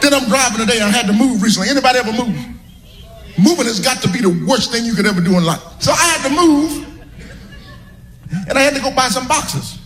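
A man's voice: very high-pitched, lively intonation, fast, a bit bright, big-room sound, a little hiss or hum. A man doing a stand-up comedy set, telling rambling everyday anecdotes.

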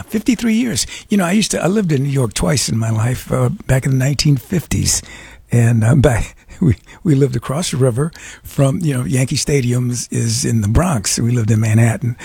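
An older man hosting a radio show with a raspy voice, talking casually and rambling with chuckles and fillers. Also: mid-range voice, mellow, no echo. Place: radio studio.

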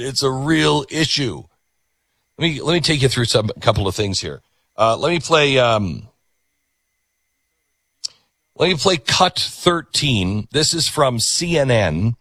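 Guy doing a talk show monologue, really lively up-and-down voice, dry close mic. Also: fairly high pitch, slightly rough, no echo. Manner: animated, conversational, acts out quoted voices. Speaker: radio and TV show host.

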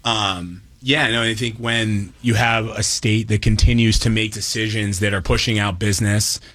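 A man with a fairly low voice talks as a guest on a radio show, agreeable and measured as he walks through figures. The sound is close and dry, with no room echo. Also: fairly even intonation, a bit bright. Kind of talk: casual talk radio chat. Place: radio studio.

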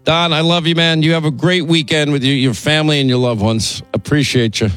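A man hosting a call-in radio show, chatty, tired after a long week, stumbling into quick restarts. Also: fairly high pitch, fairly even intonation, a bit bright, soft background music. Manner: rapid, stammering restarts, chatty. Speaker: radio talk show host. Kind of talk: casual call-in chat.

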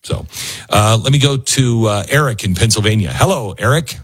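A man hosting a talk radio show, musing and thinking aloud with pauses as he reads and comments before taking calls. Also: lowish voice, fairly bright tone, husky.

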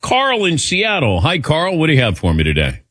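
A man's voice: on the high side, wildly swooping pitch, moderate pace, a bit bright, no echo, studio quality. A man in his sixties hosting a sports talk radio call-in show, chatty and laughing easily. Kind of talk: casual call-in chat.

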